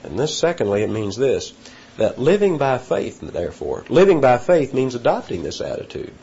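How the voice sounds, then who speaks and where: A man preaching an expository sermon, teaching deliberately and stressing key words slowly, sometimes restarting a phrase. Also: medium pitch, very animated, creaky, mellow, breathy edge. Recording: dull lo-fi sermon recording.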